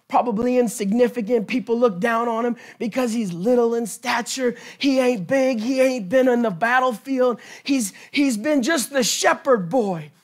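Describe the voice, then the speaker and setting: Slow, impassioned male preacher. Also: very high-pitched. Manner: impassioned, building to shouting. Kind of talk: sermon. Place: church.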